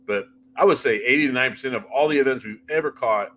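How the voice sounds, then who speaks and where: A middle-aged man, a paranormal investigator, telling animated anecdotes in a casual interview and often restarting his sentences. He talks freely, piling one example onto the next. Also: mid-range voice, fast talker, slight background noise.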